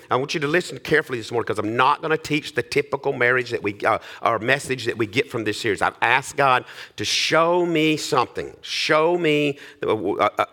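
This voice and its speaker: A man's voice: mid-range voice, bright, forceful tone. A man preaching a sermon, reading scripture and then explaining it with repetition and asides to the congregation. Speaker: pastor.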